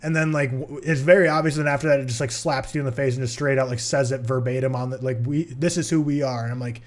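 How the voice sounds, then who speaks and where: A man's voice: medium pitch, level tone, fast talker. A man co-hosting a podcast, giving a casual film review in a rambling way with many filler words. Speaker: podcast co-host.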